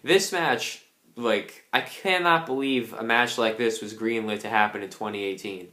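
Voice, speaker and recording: A man's voice: on the low side, normal speed, bright, forceful tone. A young man giving a casual, angry ranting review, swearing a lot. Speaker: wrestling reviewer. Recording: roomy echo.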